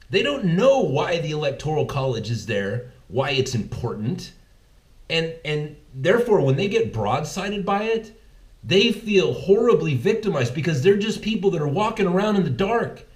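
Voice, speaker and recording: Emphatic man, lively pitch, echoey room. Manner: emphatic, rhetorical, keeps asking "right?". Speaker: podcast host. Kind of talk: political commentary monologue.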